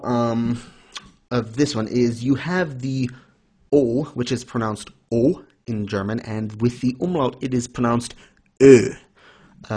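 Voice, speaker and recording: A man co-hosting a casual anime discussion, explaining things in a mock-formal lecturing way and correcting himself as he goes. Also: mid-range voice. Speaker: podcast co-host.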